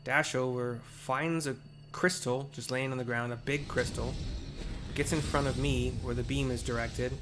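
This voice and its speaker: A man casually narrating game cutscenes out loud as he plays, chatty, with fillers and self-corrections. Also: medium pitch, steady tone, normal speed, music in the background. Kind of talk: casual live audio description of game cutscenes.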